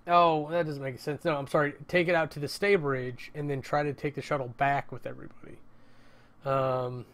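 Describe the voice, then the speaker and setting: A man's voice: fairly high pitch, flat delivery, normal speed, fairly bright tone. Rambling, swearing man vlogging from home. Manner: rambling, swears casually, self-interrupting. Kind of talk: casual rambling vlog.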